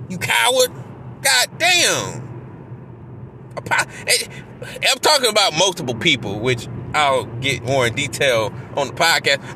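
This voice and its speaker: A man hosting his podcast, delivering a heated, profane rant that keeps bursting into shouts. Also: high-pitched, very animated, fairly quick, a little hiss or hum. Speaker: podcast host.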